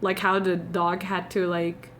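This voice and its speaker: A woman's voice: lowish voice, flat delivery, a little slow, fairly bright tone, a little hiss or hum. A young woman from Indonesia with an Indonesian accent, chatting casually on a live stream from home in a meandering, confiding way. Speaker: livestreamer.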